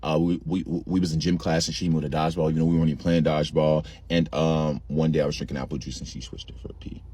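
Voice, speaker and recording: A man's voice: very deep voice, flat delivery, fast talker, warm tone, dry recording, pitched below the performer's own voice. A man voicing a timid young schoolgirl who mumbles her complaints hesitantly. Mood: sheepish.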